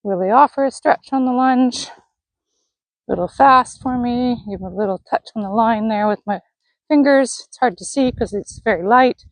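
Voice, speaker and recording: Lady lunging a horse outside, chatty calm coaching, kinda high voice, dry sound. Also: normal speed, no room sound, poor audio. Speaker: horse trainer. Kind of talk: narrated lunging session. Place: outdoor arena.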